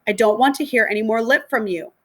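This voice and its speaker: Woman reading angry big father, gruff, impatient, storybook read-aloud. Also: fairly high pitch, quick pace, close to an everyday voice. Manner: gruff and barking.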